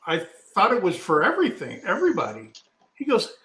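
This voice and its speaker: Telling a rambling story on a casual live talk show he co-hosts, this middle-aged man acts out other people's quotes. His high, pushed, bright voice swoops wildly in pitch at a fairly quick pace, in an echoey room.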